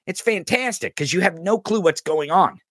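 A male podcast host with a high-pitched, slightly rough voice rants at a moderate pace, in dry, studio-quality sound with no echo. His political commentary is mocking and profane, and he calls out a listener in the chat directly.

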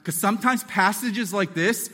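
A man preaching a sermon as pastor, animated and acting out voices and quotes as he teaches. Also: high voice, normal speed, big-room sound.

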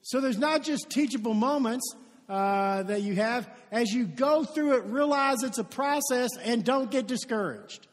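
A man with a high voice preaches a sermon, trading off between story and acted-out lines. He grew up in Kentucky. His voice rings out with a long reverb in a large church hall. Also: unhurried. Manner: lively storytelling, acts out quoted dialogue. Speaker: pastor.

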